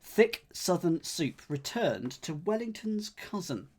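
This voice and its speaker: A man's voice: high-pitched, sing-song, slow, a little hiss or hum. A man with a slight lisp, thinking aloud while he works through a crossword, muttering and sighing as he puzzles. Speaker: puzzle streamer.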